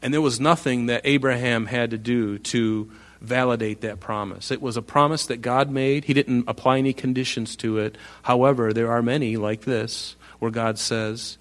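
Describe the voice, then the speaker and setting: Male pastor, mid pitch, earnest sermon delivery, stresses key words when reading scripture. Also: normal speed. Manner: earnest, emphatic, reads scripture aloud with rising force. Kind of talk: sermon, Bible teaching.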